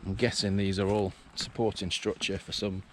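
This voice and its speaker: His voice sits low with little pitch movement, and he speaks at normal speed while vlogging along an old railway line outdoors. The man's casual walking commentary involves thinking aloud and restarting. Faint outdoor noise can be heard.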